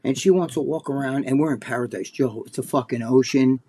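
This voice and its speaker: A man's voice: medium pitch, brisk, mellow, slightly rough. A man co-hosting a casual chat show, telling a long, rambling story full of swearing. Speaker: co-host.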